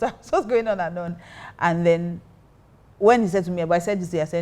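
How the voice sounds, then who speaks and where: A woman's voice: fairly low pitch, a little fast, darkish tone. A woman pastor telling a personal story in casual talk, acting out her own reactions. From Nigeria. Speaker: pastor and co-host.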